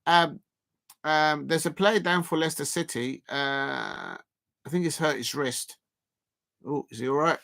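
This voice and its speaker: A man's voice: a little high, measured pace, gravelly, a bit bright. Chatty man hosting a livestream. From South London. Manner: rambling, chatty, reads and answers viewer messages. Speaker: livestream host. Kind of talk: live football watchalong chat.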